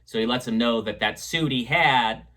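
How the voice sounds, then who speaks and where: A man's voice: medium pitch, normal speed, fairly bright tone. A man reviewing an episode in casual chat, rambling with fillers and restarts as he retells scenes. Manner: retells scenes and echoes quotes. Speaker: show reviewer.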